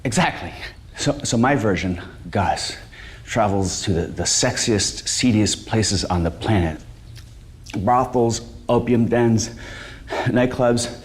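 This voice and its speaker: An actor playing an anxious, washed-up middle-aged male stand-up comic, talking in a halting, stammering, self-deprecating way in a film. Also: fairly low pitch, animated. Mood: nervous. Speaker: stand-up comedian. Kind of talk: film stand-up set and show pitch.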